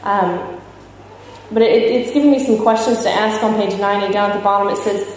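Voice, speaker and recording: Fairly quick and with fairly even intonation, a woman's mid-range voice carries through a large convention hall. She is being candid about her recovery at a recovery convention, joking with the audience and asking them questions. Slight background noise accompanies the distant, echoey recording.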